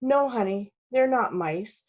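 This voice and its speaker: A woman's voice: fairly high pitch, lively intonation, darkish tone. A woman voicing a patient storybook mother. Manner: slow, patient, explaining. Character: patient gentle mother explaining things. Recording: dull lo-fi recording.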